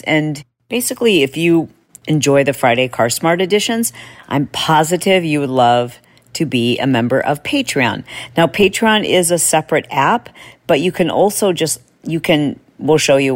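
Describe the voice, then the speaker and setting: A woman podcast host telling a story in a casual, animated way, acting out voices from it. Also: deep voice, dry recording, low-quality recording. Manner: animated, acts out voices in her stories. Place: in a car. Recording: clear road noise behind.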